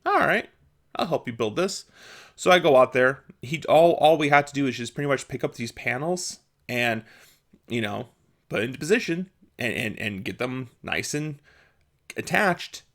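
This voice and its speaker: A man's voice: medium pitch, expressive, fairly bright tone. A young man telling a casual personal story, chuckling as he goes and restarting his sentences. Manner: laughs often, with quick restarts. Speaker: vlogger.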